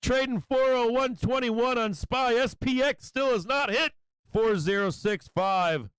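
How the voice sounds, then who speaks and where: Hyped high-voiced man calling live trades. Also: measured pace, smooth, dry recording, low-quality recording. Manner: excitable, hyped, egging on the price; chuckling often. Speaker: stock market livestream host. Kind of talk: live trading commentary.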